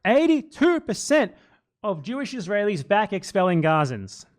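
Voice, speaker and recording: A man's voice: sits high, very animated, moderate pace. A man hosting a political commentary stream, talking in a heated, sarcastic way and mocking his opponents. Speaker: streamer host.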